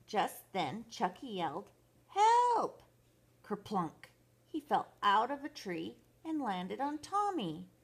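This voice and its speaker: Slow, breathy older woman reading a bedtime story. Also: mid-range voice. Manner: slow, expressive, sing-song. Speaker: grandmother storyteller. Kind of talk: reading a picture book aloud to children.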